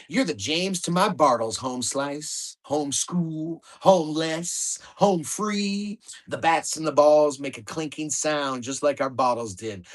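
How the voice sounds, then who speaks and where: A man reads aloud from his own memoir in a middle-pitched voice. His delivery is wry and lively, and it rushes ahead at the exciting parts. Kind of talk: storytelling book reading.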